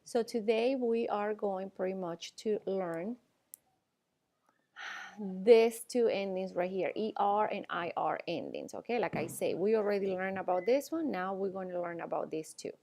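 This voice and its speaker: Warm and expressive, with medium pitch and some creak, this woman is a Spanish teacher lecturing a class. She patiently explains things slowly, frequently checking in with "okay?" and "all right?"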